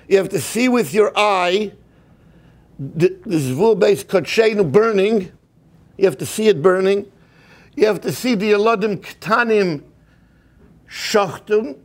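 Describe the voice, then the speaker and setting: A high-voiced man delivers an impassioned, sermon-like lecture at a community program. He frequently stammers and restarts, and his talk is full of Hebrew and Yiddish terms.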